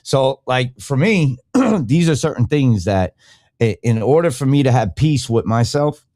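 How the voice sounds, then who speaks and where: A middle-aged man riffing loosely on a live podcast, swearing freely and jumping from point to point. His pitch swings widely as he gets worked up, and the sound is close and dry with no room around it. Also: animated, measured pace, darkish tone, no echo. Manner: profane, rambling, fired-up and opinionated. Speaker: podcast host. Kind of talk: casual live-stream rant.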